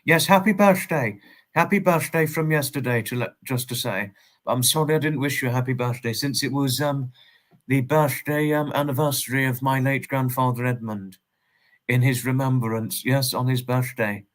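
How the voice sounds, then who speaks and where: A man's voice: mid-range voice, fairly even intonation, normal speed. Rambling English man hosting a livestream. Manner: rambling, repeats himself, polite and formal phrasing. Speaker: livestream host. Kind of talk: casual livestream chat, greeting viewers and reading messages.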